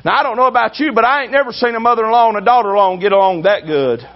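A man preaching a sermon with emphasis, swinging between loud drawn-out shouts and low asides. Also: lo-fi sound.

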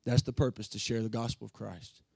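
A man's voice: on the low side, steady tone, fairly quick, gravelly, a little mellow, husky, no echo. Man preaching, earnest, fervent at peaks, dry close sound. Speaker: pastor. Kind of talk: emotional sermon announcement.

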